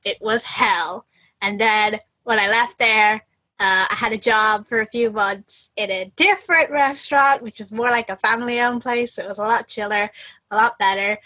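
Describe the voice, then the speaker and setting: A young woman co-hosting a podcast in casual chat, laughing often and trailing off softly at the ends of lines. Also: a little high, steady tone, moderate pace, poor audio. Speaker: podcast co-host.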